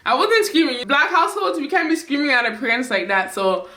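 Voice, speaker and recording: A woman's voice: high-pitched, big pitch swings, a little fast, sharp tone, reverberant. A woman, telling a personal story in a storytime vlog and acting out her own past words with growing emotion. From Canada. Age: 20s. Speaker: vlogger.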